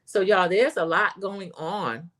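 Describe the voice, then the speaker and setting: A woman of ordinary mid-range pitch hosts a relaxed recap livestream. She chats straight to her audience as y'all and reads their comments aloud as she goes. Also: slow pace. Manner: chatty, addresses viewers as y'all, reads chat comments aloud. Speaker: show host recapping reality TV.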